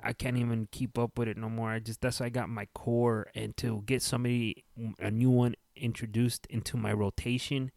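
A man's voice: mid-range voice, flat delivery, moderate pace, gravelly, few pauses, a little mellow, no room sound, studio quality. A man co-hosting a podcast, talking loosely and jokingly, with casual swearing. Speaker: podcast co-host. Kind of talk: casual chat.

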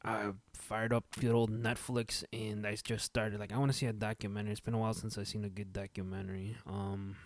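A man with a lowish voice co-hosts a casual podcast. He talks in a loose, joking way and swears offhandedly. The recording is dry and close to the mic. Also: level tone, moderate pace, few pauses, no echo. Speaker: podcast co-host. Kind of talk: casual chat.

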